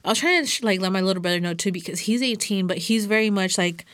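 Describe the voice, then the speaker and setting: Woman, young adult, podcast guest, rambling, filler-heavy, mid pitch, dry sound. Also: fast, a bit bright, no room sound. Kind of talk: casual chat.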